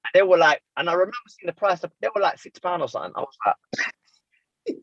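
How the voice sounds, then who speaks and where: A man, co-hosting a casual chat and telling a story with lively, self-mocking slang. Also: high voice, fairly quick, no echo, highs cut off. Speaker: podcast co-host.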